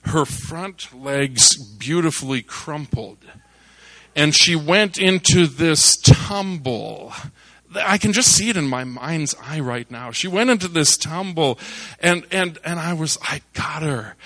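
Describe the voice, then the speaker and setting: A male preacher giving a sermon, telling a hunting story with lively bursts of excitement before turning back to scripture. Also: mid-range voice, no echo. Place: church service.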